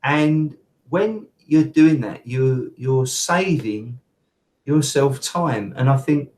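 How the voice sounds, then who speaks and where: A man's voice: medium pitch, animated, takes it slowly, darkish tone, poor audio. A man talking as a podcast guest in casual conversation, rambling with fillers and restarts.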